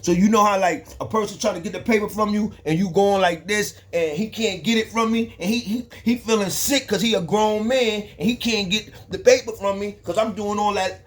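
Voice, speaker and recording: A young man spins a street story in loose, slangy talk that circles back and restarts often. His voice sits a little high for a man. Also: brisk, few pauses. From the Bronx, New York.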